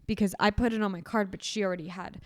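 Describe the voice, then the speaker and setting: Young woman, podcast co-host, smooth voice, close dry mic, rambling heartfelt chat. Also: medium pitch, steady tone, fast, no room sound. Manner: rambling, self-correcting, emotional storytelling. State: sick. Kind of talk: casual chat.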